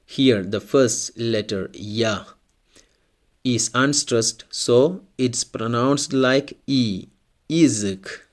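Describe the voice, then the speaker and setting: A male teacher talks through a pronunciation lesson at an unhurried, measured pace. His pitch sits in an ordinary middle range, and he says each example word twice so it sinks in. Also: fairly even intonation. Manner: slow, deliberate, repeats example words. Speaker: language teacher. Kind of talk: scripted language lesson.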